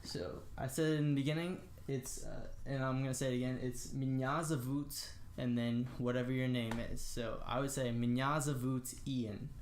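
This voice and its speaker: A young American man giving a casual spoken language lesson, slowly demonstrating phrases with lots of "uh" and "um". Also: mid-range voice, steady tone, darkish tone, reverberant, a little hiss or hum. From United States. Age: young adult. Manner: slow, careful demonstration of phrases with frequent fillers. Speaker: language tutor.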